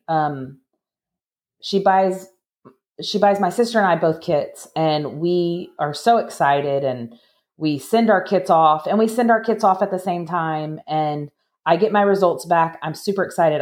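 Woman, podcast guest, personal storytelling, fairly low voice, lively quoted voices, frequent restarts. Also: unhurried. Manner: animated, acts out quoted voices in a higher pitch; chatty with many restarts.

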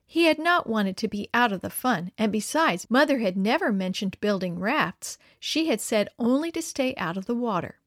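A woman reading a moral children's story aloud in a measured, expressive way. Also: medium pitch, dry recording, studio quality.

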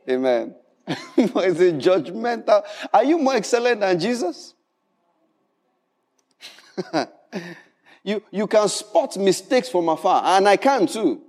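A man preaching a sermon in an animated, humorous way, often repeating words. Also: high-pitched, long reverb tail. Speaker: pastor.

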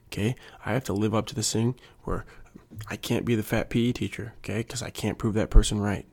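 A man's voice: lowish voice, level tone, a little fast, darkish tone. A young adult man, a PE teacher, rambling in a casual, jokey monologue and working himself up. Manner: jokey, self-mocking, gets worked up.

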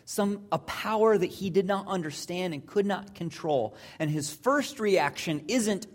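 A pastor giving a sermon in a conversational, storytelling way, sometimes with hesitant fillers, and dropping to a hush at serious points. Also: medium pitch, lively intonation, measured pace, hardly any pauses.

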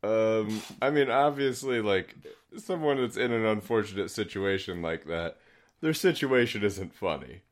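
A man bantering in a casual podcast chat, wry and teasing with quick jokes. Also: on the low side, animated.

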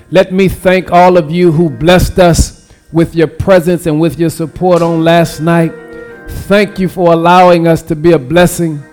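Brief: male pastor, slightly high voice, slow repetitive preaching with call-and-response. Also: a little mellow. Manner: slow, drawn-out delivery. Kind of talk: livestreamed sermon.

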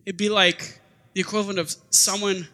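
Animated high-voiced male preacher. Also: moderate pace. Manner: conversational, animated preaching with acted-out quotes. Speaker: pastor. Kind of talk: sermon. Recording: long hall reverb.

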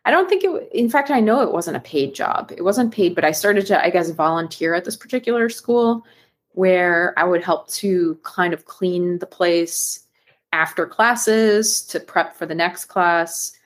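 A woman co-hosting a casual fitness podcast, chatty and quick to laugh, with lots of fillers. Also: lowish voice, expressive. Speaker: podcast co-host. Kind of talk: casual chat.

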